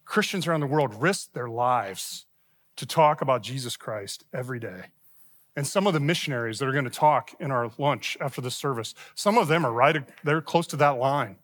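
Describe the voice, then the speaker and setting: A man's voice: mid-range voice, expressive, moderate pace, fairly bright tone. A middle-aged man preaching a sermon in a church, telling a personal story in a conversational way and acting out the voices he quotes. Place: church sanctuary.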